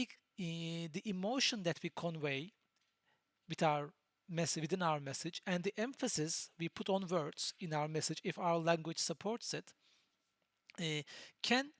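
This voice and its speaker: Patient lecturer. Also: male voice, a little high, a bit bright, no echo, studio quality. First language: Turkish. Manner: patient, explanatory, pauses to search for words. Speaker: university lecturer. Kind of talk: recorded lecture.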